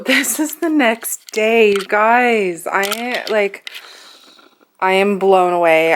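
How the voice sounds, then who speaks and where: A young Canadian woman with a Newfoundland accent speaks at a medium pitch over slight background noise. She runs a small crochet business and talks about it in a casual home vlog, sounding breathless and overwhelmed as she sighs and drops almost to a whisper.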